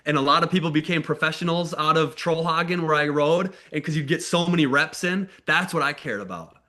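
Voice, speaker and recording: Speaking fairly quickly in a slightly high, bright and forceful voice, a thirty-something American man shares his life story over an online call. He's a motivational speaker, candid and casual, occasionally imitating the people he quotes.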